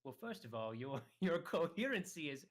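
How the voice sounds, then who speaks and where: A man's voice: a little high, sing-song, normal speed. A man playing a tabletop game, joking with the group. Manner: joking, laughing. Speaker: player. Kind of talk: casual game chat.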